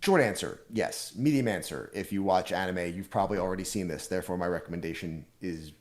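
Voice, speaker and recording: A man co-hosting an anime podcast in casual chat, laying out his points in a measured, orderly way. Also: low-pitched. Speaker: podcast co-host.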